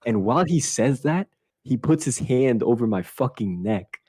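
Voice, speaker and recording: A young man hosting a podcast, telling an animated story in casual chat, swearing often and laughing as he talks. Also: medium pitch, moderate pace, slightly rough. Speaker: podcast host.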